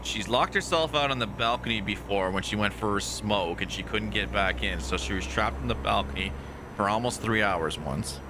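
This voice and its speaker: A man with a fairly low voice chats casually through a live game stream, teasing and easygoing as he talks to viewers. A steady engine hum and background noise sit under his voice the whole time. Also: normal speed. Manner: chatty, teasing, talks to chat and off-mic family.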